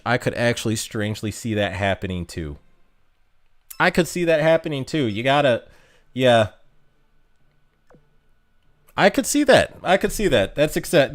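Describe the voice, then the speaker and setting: A man chatting casually on a livestream, reading viewer comments aloud and joking in a rambling, self-amused way. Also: mid-range voice. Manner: joking, rambling, laughs at his own jokes.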